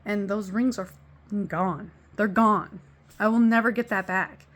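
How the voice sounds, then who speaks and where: A woman's voice: mid-range voice, fairly even intonation, unhurried. A woman speaking candidly to the camera about a painful breakup. She is emotional and blunt, swearing freely and letting out small laughs to cover the hurt. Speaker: vlogger. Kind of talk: candid personal storytelling.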